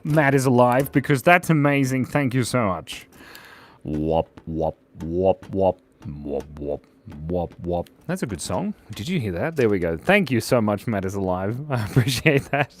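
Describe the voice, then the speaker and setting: A man's voice: medium pitch, lively intonation, moderate pace, hardly any pauses. A young man hosting a live drawing stream, chatting playfully, giggling, and reading out viewer comments. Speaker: drawing livestream host. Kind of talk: casual live drawing chat.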